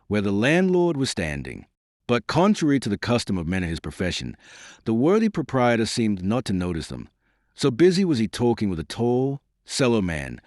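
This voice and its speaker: Male audiobook narrator, measured and descriptive, lowish pitch, dry studio sound. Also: darkish tone, dry recording.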